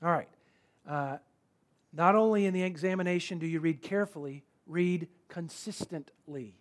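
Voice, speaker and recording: Casting: male pastor, high-pitched voice, conversational emphatic sermon delivery. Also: fairly quick. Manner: conversational, emphatic preaching with repeated key words.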